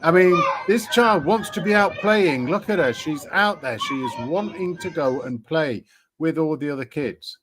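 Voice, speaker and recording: A man's voice: on the high side, animated, moderate pace, noisy background. A man hosting a live stream, chatting casually with many ums and restarts. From Britain. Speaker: livestream host.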